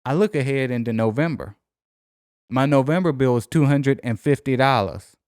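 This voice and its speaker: A young adult man casually telling a story on a podcast, animated and profane, acting out both sides of each conversation. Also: medium pitch, moderate pace, clear, resonant tone, no room sound, studio quality. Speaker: podcast co-host.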